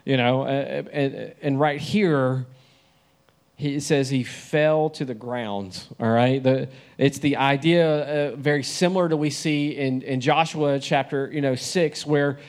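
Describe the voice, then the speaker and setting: A man's voice: medium pitch, fairly even intonation, slow pace. A young man preaching a sermon in a conversational way, often asking the listeners questions.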